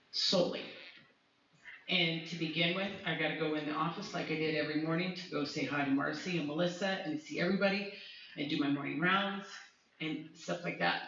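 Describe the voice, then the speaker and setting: This low-pitched woman, a music teacher, has a fairly bright tone and delivers an emotional, wandering public speech at a school community meeting, often starting over. A little hiss or hum sits under the recording, which is dull and captured from far off in an echoey hall.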